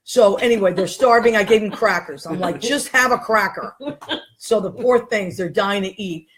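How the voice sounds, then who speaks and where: A woman from Boston hosting a casual chat show, effusive and quick to laugh. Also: medium pitch. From Boston, Massachusetts. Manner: chatty, effusive, laughs often. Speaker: host.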